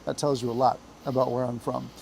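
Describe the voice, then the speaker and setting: A man from Appalachia with an Appalachian accent, reading a classic children's book aloud in a measured, expressive way. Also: medium pitch, creaky, slight background noise, poor audio. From Appalachia, US South. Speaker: reader, teacher.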